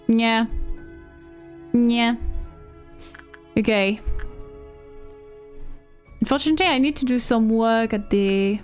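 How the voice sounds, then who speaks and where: A woman streams a game and narrates every move to herself, often repeating single words. Her voice sits fairly high and her delivery is slow. Quiet game music plays behind her. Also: clean tone. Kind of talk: live gameplay commentary.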